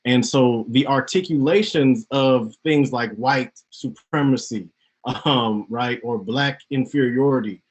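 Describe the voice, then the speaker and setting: A man moderating an online panel discussion, explaining ideas in a relaxed way with many fillers, heard over a video call. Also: mid-range voice, slow pace, lo-fi sound.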